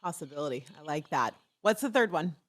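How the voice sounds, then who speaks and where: A woman's voice: low voice, animated, fairly quick. A woman hosting a podcast in casual chat. She is effusive and openly emotional, gushing praise at her guest. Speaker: podcast host.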